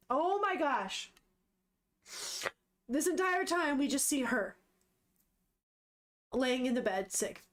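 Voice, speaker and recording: A woman's voice: high voice, lively intonation, takes it slowly, long pauses, fairly bright tone. A young woman with a sniffle, chatting casually and emotionally as she retells a manga, gasping and swearing in shock. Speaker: vlogger reading manga.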